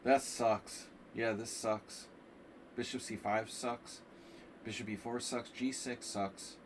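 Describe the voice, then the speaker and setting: Chess streamer man, mid pitch, chatty and rambling; mic a bit far off, faint hiss behind. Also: slow. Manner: rambling and animated, frequent "like" and "you know". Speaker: chess coach streaming a lesson. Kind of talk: casual live-stream commentary.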